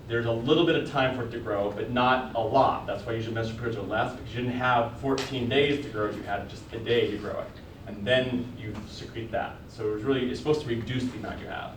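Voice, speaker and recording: A man's voice: mid-range voice, fairly bright tone, a little hiss or hum. Guy teaching bio class, asks the room questions a lot, echoey far-off classroom recording. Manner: casual, quizzing students with quick questions. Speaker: college biology instructor. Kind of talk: classroom lecture. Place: lecture classroom.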